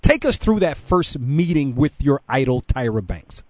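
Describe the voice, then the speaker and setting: A man's voice: mid-range voice, very animated, moderate pace, no room sound, lo-fi sound. A male sports radio host interviewing a guest, his questions rambling and restarting.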